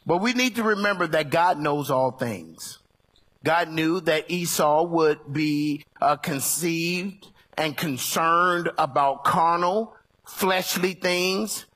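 A male preacher delivering a sermon, animated and folksy, swinging from low murmurs up to shouts. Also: takes it slowly. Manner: folksy and colloquial.

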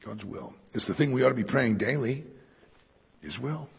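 A man preaching a sermon to a congregation in a room, animated, acting out quoted speech with sudden loud bursts. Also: medium pitch, moderate pace, gravelly, slightly rough, big-room sound. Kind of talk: expository sermon on Acts.

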